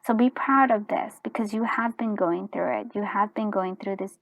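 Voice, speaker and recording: Hoarse lady doing a tarot pick-a-card reading, clears her throat a lot, rambly, dry close sound. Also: mid-range voice, normal speed, no room sound, narrow, tinny audio. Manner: rambling with restarts, frequent throat clearing, soft half-whispered asides. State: hoarse, voice going. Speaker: tarot reader.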